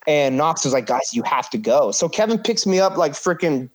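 Man, wrestler on a podcast, 30s, slightly higher voice, casual swearing storyteller. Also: moderate pace. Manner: animated, swears freely, acts out quotes. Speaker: pro wrestler guest.

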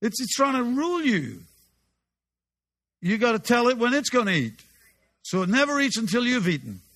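A firm, no-nonsense dog trainer woman lays down the rules in a raised, lively voice, as a male preacher puts her on. She sounds insistent and instructive, bright in tone. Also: fairly high pitch, normal speed, pitched above the performer's own voice.

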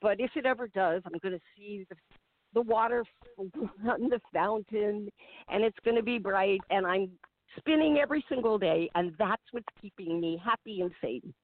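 A woman's voice: medium pitch, moderate pace, no room sound. Caller, woman, upbeat, laughs a lot, phone-line sound, dry. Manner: bubbly, laughs often. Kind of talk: casual phone chat.

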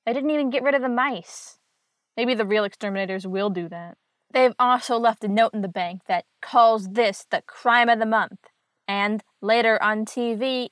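A woman's voice: fairly high pitch, dry recording. A woman host casually recapping an old comic book story with wry, chatty asides.

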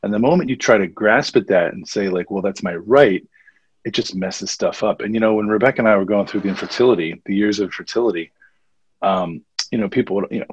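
A man's voice: on the low side, fairly quick, husky, no echo, muffled recording. A man talking earnestly as a guest in a casual conversation, often repeating his phrases. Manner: earnest and faith-centered, speaks in warm repeated phrases. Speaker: podcast guest.

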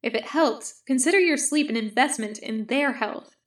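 A woman's voice: high-pitched, normal speed, close to an everyday voice. Woman reading as a stern formal male medic. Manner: formal, no contractions, lecturing. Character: calm stern male clone army medic.

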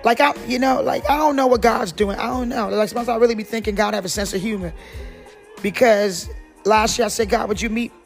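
A woman from North Carolina talks about her faith on her podcast, long-winded and rambling. She is in her forties and keeps circling back with "you know what I'm saying." Soft music plays quietly underneath. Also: on the high side, fairly quick. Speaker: podcast host. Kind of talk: casual faith talk.

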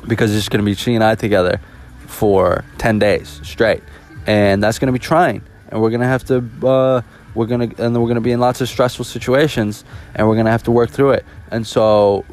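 A young man from the US East Coast, hosting a casual solo podcast, rambling and joking with lots of restarts. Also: medium pitch. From East Coast of the United States. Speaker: podcast host.

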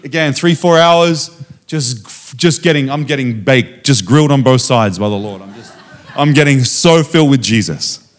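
A man preaching as a guest speaker, telling a personal testimony in a lively storytelling way and acting out the dialogue. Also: medium pitch, normal speed. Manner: animated storytelling, acting out dialogue with frequent restarts.

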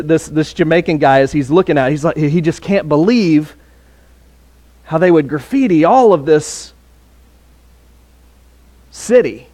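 A man's voice: fairly high pitch, a little mellow. A man preaching a sermon in a conversational way, with fillers and restarts.

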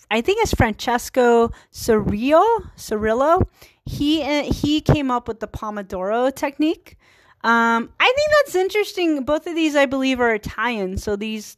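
A woman's voice: on the high side, no room sound. A woman in her thirties hosting a solo podcast, talking in a chatty, earnest way and laughing at herself. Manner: chatty, giggly, self-deprecating, earnest. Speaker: podcast host. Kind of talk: casual solo podcast monologue.

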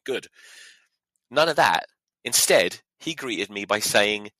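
A man's voice: mid-range voice, sing-song, a little slow, bright, forceful tone, no echo, low-quality recording. A young man, a podcast host, telling a story in a sweary, mock-outraged monologue. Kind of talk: casual comedic monologue.

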